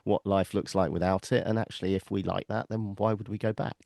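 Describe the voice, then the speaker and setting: A man's voice: lowish voice, steady tone, a little fast, creaky, a little mellow, no room sound, clean studio sound. A man co-hosting a podcast, talking reflectively and laughing easily. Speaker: podcast co-host. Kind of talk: casual podcast chat.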